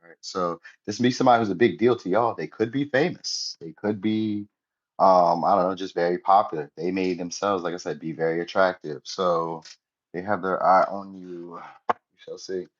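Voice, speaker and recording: Deep-voiced man doing a rambling tarot reading. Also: fairly even intonation, moderate pace. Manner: loose, rambling, slangy. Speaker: tarot reader. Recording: dull lo-fi sound.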